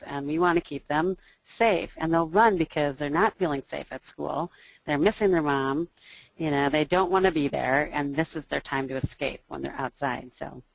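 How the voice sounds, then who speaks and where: Low-voiced woman teacher giving a training. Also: gravelly, dry recording, rough recording. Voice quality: loud, booming voice. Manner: explains with lists, frequent ums and you knows. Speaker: early childhood teacher and trainer. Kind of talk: training presentation to educators.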